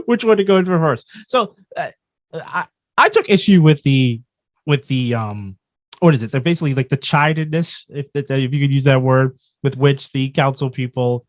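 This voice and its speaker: A man's voice: mid-range voice, normal speed, dry recording, studio quality. A man co-hosting a podcast in casual chat, rambling and restarting his thoughts as he works through a point. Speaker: podcast co-host.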